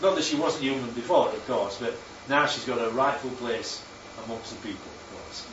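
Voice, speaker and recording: A man preaching a sermon, lively and constantly checking in with his listeners by asking "right?" and "yeah?". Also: medium pitch, moderate pace, a little hiss or hum. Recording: echoey, distant, dull sound with faint ambience.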